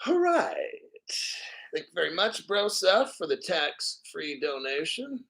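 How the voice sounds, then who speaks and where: A man's voice: on the high side, animated, unhurried, creaky, bright, forceful tone. Profane, combative male crypto host. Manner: profane, combative, mocking viewers. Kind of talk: angry livestream rant.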